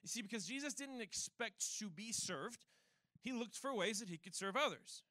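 A male pastor preaches a sermon, animated in his storytelling and fond of rhetorical questions. His voice sits high and bright, and the recording is dry and close. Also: moderate pace, no echo. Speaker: church pastor.

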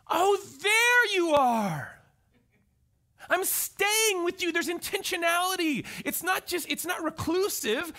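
A man preaching a conversational sermon as pastor, telling stories with animated delivery and often checking in with the crowd. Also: very high-pitched. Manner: animated storytelling, often asks the crowd "right?".

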